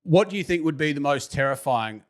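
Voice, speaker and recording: An Australian man hosting a casual podcast interview, joking and laughing as he fires off quick questions. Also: on the high side, expressive. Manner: jokey, laughs often, quick-fire questions. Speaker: podcast host.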